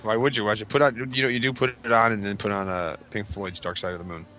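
A man's voice: lowish voice, steady tone, fast talker, sharp tone, a little hiss or hum. A man in casual podcast chat, dropping short, dry wisecracks.

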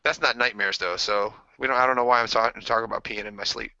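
A man on a podcast telling stories casually, animated and swearing freely, acting out screams and voices as he goes. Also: medium pitch, quick pace, gravelly, clean tone, dry recording. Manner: swears freely, restarts sentences. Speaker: podcast co-host. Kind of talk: casual storytelling among friends. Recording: dry, dull lo-fi podcast audio.

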